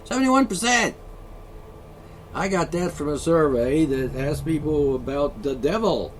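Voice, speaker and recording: A man's voice: a little high, moderate pace, darkish tone, a little hiss or hum. A man vlogging an angry solo rant, profane, sarcastic and mocking.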